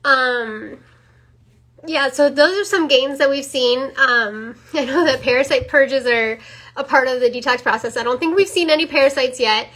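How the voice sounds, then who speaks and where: A woman's voice: high-pitched, normal speed, a bit bright. A young woman earnestly giving a casual testimonial as a mother, with many fillers and repeats. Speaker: mother sharing a product testimony.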